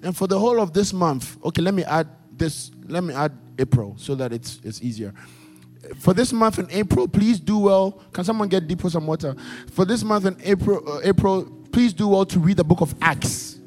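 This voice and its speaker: A man's voice: sits high, animated, normal speed, darkish tone. A man preaching a sermon at a church service, emphatic and repetitive, calling out questions to the congregation. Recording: long hall reverb with faint music.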